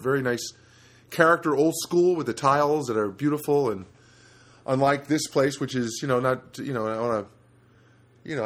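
A medium-pitched, somewhat bright voice belongs to a middle-aged New Jersey man doing a relaxed solo podcast in his studio apartment. His storytelling rambles, with frequent self-interruptions.

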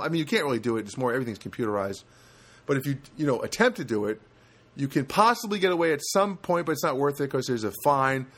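A middle-aged man, a comedian, telling a rambling story. His speech is loose and full of fillers and restarts. His voice sits at an ordinary middle pitch. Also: lively intonation, fast, fairly bright tone. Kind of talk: casual storytelling chat.

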